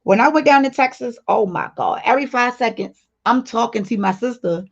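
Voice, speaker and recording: A woman's voice: fairly high pitch, animated, fairly quick, vocal fry. A woman hosting a casual livestream, reading viewer comments aloud and talking straight to her viewers in a blunt, playful way. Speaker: livestream host. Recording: dull lo-fi stream audio.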